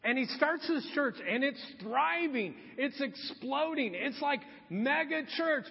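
A man preaching a sermon as pastor, telling the story with lively acted-out quotes. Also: very high-pitched, unhurried, gravelly. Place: church hall. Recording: dull, long hall reverb.

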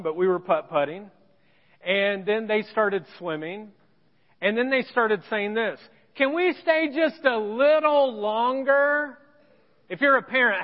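A pastor telling a personal story in a sermon, with self-deprecating humor. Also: male voice, high voice, long reverb tail, lo-fi sound. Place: church sanctuary.

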